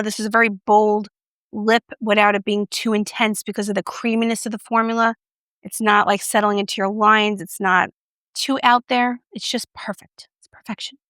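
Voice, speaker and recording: A woman doing a casual makeup review vlog, chatty and playful, with self-mocking asides and soft whispered moments. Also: mid-range voice, fairly even intonation, a little fast, dry recording, clean studio sound. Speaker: beauty reviewer.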